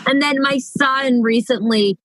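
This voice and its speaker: A woman guest on a podcast, a mother telling lively stories about her kids and acting out their voices. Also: high voice, measured pace, dry recording. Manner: animated, acts out her kids' voices. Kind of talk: casual storytelling chat.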